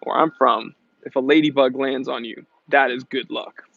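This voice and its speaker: A man's voice: mid-range voice, steady tone, moderate pace, creaky, fairly bright tone, no room sound. An American man hosting a casual live stream, chatty and upbeat, reading viewer comments aloud and laughing often, with slightly dull lo-fi stream audio.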